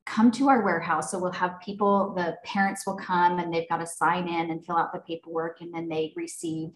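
Woman, from Arizona, lowish voice, earnest, casual with fillers, roomy echo. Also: lively intonation, fairly quick. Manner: warm, earnest, with frequent fillers and restarts. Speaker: podcast guest, nonprofit founder. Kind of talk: casual interview chat.

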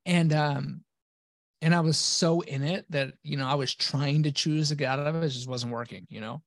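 A man's voice: fairly high pitch, fairly even intonation, moderate pace, no room sound, studio quality. A man telling his own story casually as a guest, blunt and profane, acting out his old replies.

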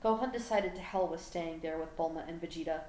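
Woman narrating a story, low voice, echoey. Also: a little fast, a little mellow. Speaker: fan fiction audiobook reader. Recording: echoey room with faint background hum.

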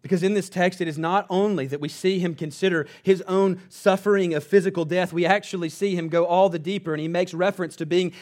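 High-voiced earnest man preaching. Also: fairly even intonation, a little fast, few pauses. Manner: earnest preaching, dropping to low quiet emphasis. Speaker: pastor. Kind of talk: sermon.

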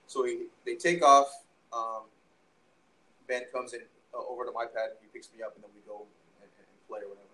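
A man's voice: mid-range voice, steady tone, fairly quick, bright, forceful tone, poor audio. A young man tells a story in casual conversation, rambling and profane, with lots of restarts and fillers. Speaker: podcast guest, musician.

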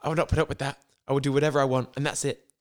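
A man's voice: medium pitch, little pitch movement, rapid-fire, lightly acted. A man voicing an overwrought young woman on the phone, in a posh English accent drifting into American, reading stiffly and melodramatically. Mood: dramatic. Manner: melodramatic, stilted script reading.

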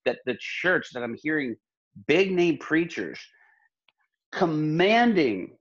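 A man's voice: a little high, lively intonation, measured pace, fairly bright tone, highs cut off. A male pastor talking in an interview, telling stories in an earnest, impassioned, preacherly way. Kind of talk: earnest conversational storytelling.

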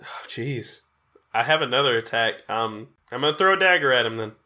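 A man's voice: mid-range voice, lively intonation, fast talker, bright, forceful tone. A man playing a tabletop game, playfully describing what his character does. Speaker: player. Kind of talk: casual tabletop play.

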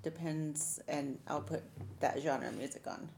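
A woman in a casual group discussion, speaking in a relaxed, easygoing way. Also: low voice, a little slow, gravelly, loud music behind the voice. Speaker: discussion participant.

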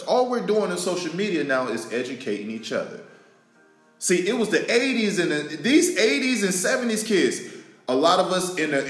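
A man, hosting a podcast and delivering an emotional, preachy monologue that repeats lines for emphasis and swings between loud and soft. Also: fairly high pitch. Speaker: podcast host. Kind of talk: impassioned spoken monologue. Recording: roomy echo with faint music.

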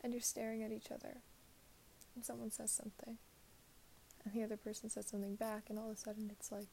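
Soft-spoken young woman, half whispered. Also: a little high, monotone, fast talker, creaky, a little hiss or hum. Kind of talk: reflective spoken monologue.

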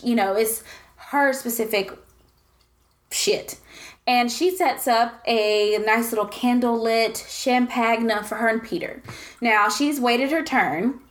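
A woman's voice: a little high, fairly bright tone. A young woman co-hosting a podcast, telling stories animatedly in casual gossip chat and swearing freely. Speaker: podcast co-host.

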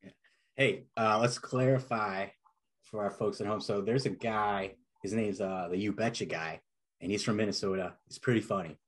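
A man's voice: fairly low pitch, steady tone, normal speed, husky. A man from Wisconsin hosting a podcast interview, chatty and jokey, rambling as he goes. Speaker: podcast host. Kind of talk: casual interview chat.

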